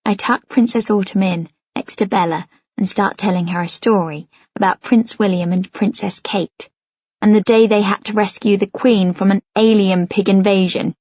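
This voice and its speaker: A woman narrating a novel in the first person with an intimate, soft-spoken delivery. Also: mid-range voice, fairly even intonation, normal speed, no echo, muffled recording. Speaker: audiobook narrator.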